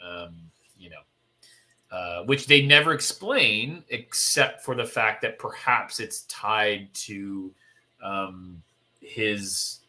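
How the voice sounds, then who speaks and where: A man's voice: on the low side, slow, bright, forceful tone. A man co-hosting a comic book podcast, chatting casually with playful asides. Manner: chatty, playful asides, mock-outraged character bits. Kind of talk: casual chat.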